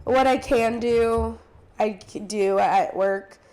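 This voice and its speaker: A woman's voice: fairly high pitch, takes it slowly, a little mellow. A young woman in her twenties co-hosting a podcast, chatting casually with many filler words and laughing asides. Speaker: podcast co-host, cheer coach. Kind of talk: casual chat.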